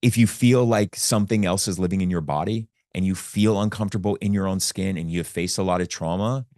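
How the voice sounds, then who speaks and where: Low-voiced guy on a podcast, earnest, keeps quoting what people said to him, dry close sound. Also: fairly quick, a little mellow, no echo. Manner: retells conversations in quoted dialogue, intense and earnest. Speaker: podcast guest. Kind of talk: earnest personal storytelling.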